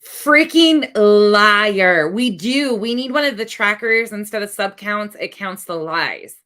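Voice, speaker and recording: A woman's voice: mid-range voice, normal speed, pushed and bright. A woman hosting reaction commentary, sarcastic and exasperated about what she plays. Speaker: commentary host.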